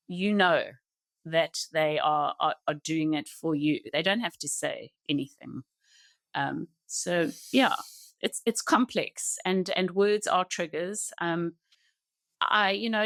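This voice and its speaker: A middle-aged woman talks in an earnest, reflective way, often breaking off and starting her sentences again. Her voice sits on the low side for a woman. The sound is dry and close, with no room around it. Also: fairly bright tone, no echo. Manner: earnest, halting, with many restarts. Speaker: podcast guest. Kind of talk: reflective personal conversation.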